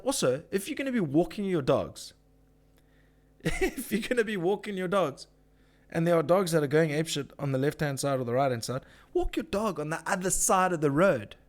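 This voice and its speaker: A man hosting a casual live chat, ranting with swearing and reading out viewer comments. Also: high voice. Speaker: live-stream host.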